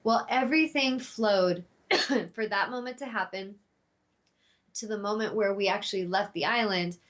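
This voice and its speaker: A woman's voice: medium pitch, normal speed. Heartfelt woman telling a spiritual story. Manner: heartfelt, spiritual, rambling with fillers. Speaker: talk show host. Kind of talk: personal storytelling monologue.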